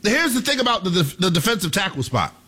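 A young man hosting sports talk radio, delivering a theatrical monologue that he keeps addressing to the listeners as ladies and gentlemen. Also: sits high, sing-song, fast.

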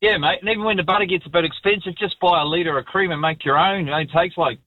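A New Zealand man, a chef, calls in to talk radio and speaks bluntly in a matey way. His voice sits a little high. The call sounds dull and muffled, and the signal is dry. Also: quick pace, no echo. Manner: blunt and matey, says "mate" often. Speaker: caller, chef. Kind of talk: phone-in call. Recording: muffled phone line.

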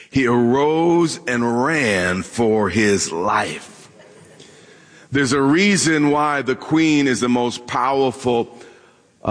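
In a church hall with long reverb and a live audience, a pastor with a medium-pitched, slightly bright voice delivers a sermon full of humor. He speaks straight to the congregation, joking and posing questions.

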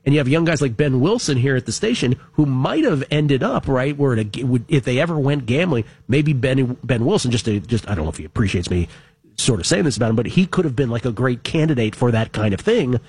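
A man's voice: medium pitch, animated, fairly quick, a little mellow, breathy edge, no echo. A man co-hosting a sports talk show, chatting casually and animatedly, often repeating words as he starts a sentence. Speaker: co-host. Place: radio studio.

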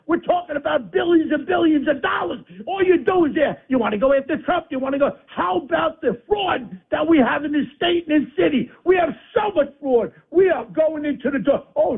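Blustering New man on a phone line. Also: very high-pitched. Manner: combative, insulting, blustering. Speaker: guest on talk radio. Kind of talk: angry political rant.

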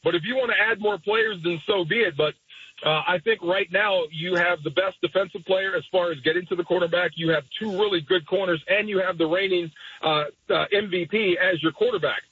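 A man who played in the league, now a radio analyst, giving confident, measured football analysis as a guest on a sports talk show. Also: high-pitched, bright, forceful tone, slightly rough, no echo. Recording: dull lo-fi studio sound.

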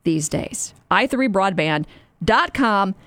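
A woman's voice: medium pitch, animated, slow, a bit bright. A woman giving a chatty, upbeat scripted radio ad read.

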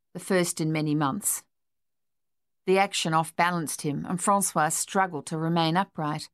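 A woman narrating a novel in a measured, steady way. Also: on the low side, dry recording, clean studio sound. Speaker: audiobook narrator. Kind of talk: scripted narration.

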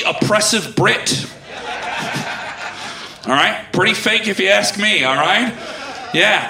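A man doing a stand-up comedy set on a club stage, ranting loudly with lots of animation. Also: high voice, noisy background.

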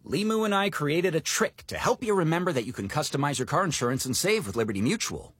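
A man's voice: on the high side, big pitch swings, fast, a bit bright, soft background music. An actor playing an upbeat male insurance spokesman who reasons in a rambling chain of logic in a scripted comedic ad. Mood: chipper.

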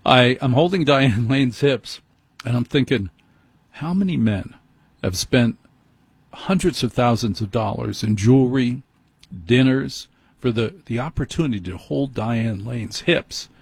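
A man's voice: mid-range voice, measured pace, vocal fry, husky, no echo. A man hosting a late-night call-in radio show, telling a wry, self-deprecating story in a conversational way. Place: radio studio.

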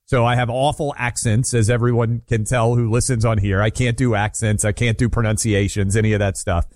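A man's voice: mid-range voice, level tone, a little fast, darkish tone, no echo, clean studio sound. A middle-aged man from Nashville co-hosting a talk radio show, joking and opinionated in a casual style. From Nashville, Tennessee. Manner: opinionated, joking, self-deprecating.

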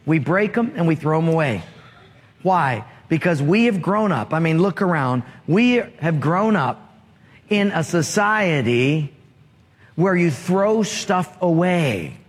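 A pastor preaching through stories and questions tossed back to the congregation. His voice is high for a man and his pace unhurried. A long hall reverb trails every phrase. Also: animated. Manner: storytelling, asks the congregation questions. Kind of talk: sermon.

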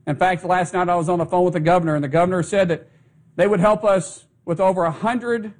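A man's voice: on the high side, a little mellow. A man making emphatic, insistent remarks as a government spokesman. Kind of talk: press remarks.

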